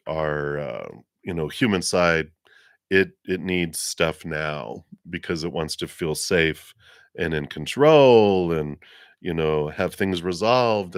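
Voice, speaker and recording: Male livestream reader with a very low voice and a gentle, meandering, fill-word-heavy delivery, laughing often, a little lower than usual from the weather, dry close mic. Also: no room sound. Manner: gentle, rambling, laughs often, many fillers. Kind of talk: casual live reading.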